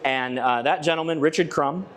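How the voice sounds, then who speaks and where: A man's voice: fairly high pitch, moderate pace, a bit bright, a little hiss or hum. Chatty man giving a club talk. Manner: chatty storytelling with frequent restarts and asides to the audience. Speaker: ham radio channel presenter giving a club talk. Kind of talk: conversational presentation to a live audience. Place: club meeting room with a live audience.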